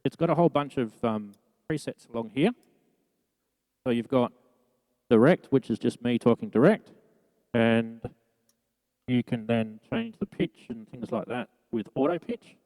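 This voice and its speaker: A man casually demonstrating gear, talking in a relaxed, offhand way. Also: mid-range voice, a little slow, pauses often. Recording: voice run through a reverb effect.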